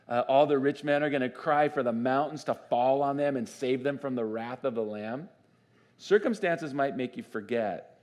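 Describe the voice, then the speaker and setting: A man preaching a sermon as pastor in a church, conversational and animated, often asking the congregation questions. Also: mid-range voice, normal speed. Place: church sanctuary.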